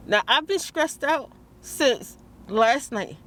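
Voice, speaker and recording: A woman's voice: sits high, lively intonation, takes it slowly, fairly bright tone. A woman vlogs about her stressful morning, praying aloud and restarting her sentences, out near a car. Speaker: vlogger. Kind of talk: emotional vlog monologue.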